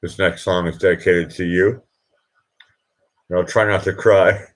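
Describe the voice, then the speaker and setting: A man hosting a late-night live stream, emotional and teary, talking in halting, rambling bursts. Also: sits low, steady tone. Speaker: livestream host.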